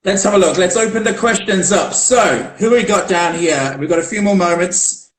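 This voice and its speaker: A man's voice: high-pitched, moderate pace. A man hosting a casual live video chat interview, chatty and giggly, with lots of fillers and restarts. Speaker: host. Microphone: video call. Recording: roomy echo on a video call.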